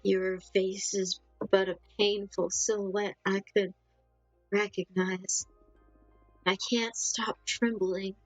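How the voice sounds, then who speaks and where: A woman voicing a fragile, lost female ghost in a game, reading slowly and quietly. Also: medium pitch, little pitch movement, no room sound, faint music behind, poor audio. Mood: melancholy. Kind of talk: reading game dialogue aloud.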